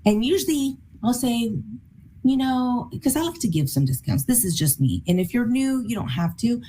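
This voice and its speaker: A woman teaching a sales training session in a lively, enthusiastic, bubbly way, often with a laugh. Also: on the high side, moderate pace, slight background noise.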